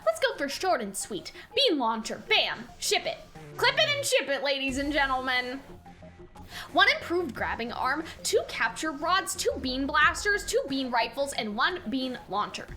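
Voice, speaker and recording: A woman's voice: sits high, very animated, bright, forceful tone, soft background music, pitched below the performer's own voice, exaggerated voice. Woman reading a gushing nerdy inventor. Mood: excited. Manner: rapid, gushing, self-congratulating. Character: excitable, nerdy young male inventor.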